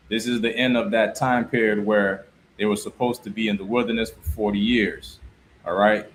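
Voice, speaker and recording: A man teaching scripture, reading verses slowly and pausing to explain and repeat words. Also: fairly low pitch, fairly even intonation, a little hiss or hum, low-quality recording. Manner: slow, deliberate reading with pauses and repeated words. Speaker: religious teacher.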